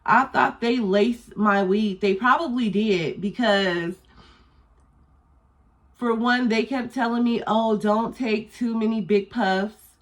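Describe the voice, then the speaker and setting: A young adult woman telling a storytime vlog in a blunt, animated, profane way. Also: a little high, takes it slowly. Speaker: vlogger.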